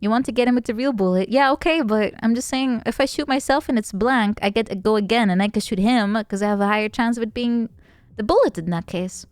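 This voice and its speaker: A woman streamer chatting casually while playing a game, playful and giggly, thinking out loud. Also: on the high side, fast talker, few pauses, no echo. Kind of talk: casual gaming chat.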